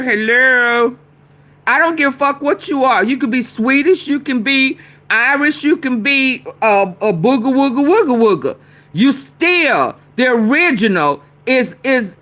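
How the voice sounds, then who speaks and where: Slow-talking fiery woman commentator. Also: a little high, bright, forceful tone. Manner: heated, repetitive, talks back to chat. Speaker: commentary host. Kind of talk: live commentary over news clips.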